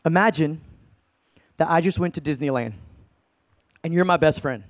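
A man telling a story as an evangelist in an energetic sermon, talking casually with lots of dude and bro and swinging between hushed and loud. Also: fairly high pitch, normal speed, no echo, studio quality. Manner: casual slang-heavy, calls listeners dude and bro.

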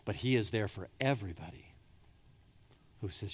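A man preaching a sermon with passion. He swings between loud, urgent pleading and soft, hushed lines, and he repeats words when he presses a point. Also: fairly low pitch, normal speed, pauses often, slightly rough. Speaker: pastor.

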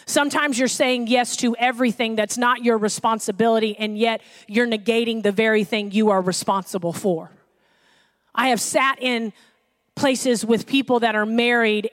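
A woman pastor preaches a lively, animated sermon, acting out the voices of the people she quotes. For a woman, her voice is pitched high.

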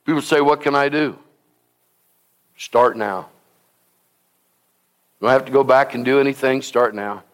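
A pastor preaching a sermon to his congregation in a church, swinging from hushed to loud and repeating phrases for emphasis. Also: medium pitch, a little slow, pauses often. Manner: impassioned preaching with sudden swings from soft to loud. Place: church sanctuary.

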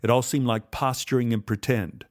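A man's voice: mid-range voice, steady tone, normal speed, dry recording, studio quality, natural voice. Man putting on a stern older acting teacher. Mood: curt. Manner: curt, scolding, then panicked shouting.

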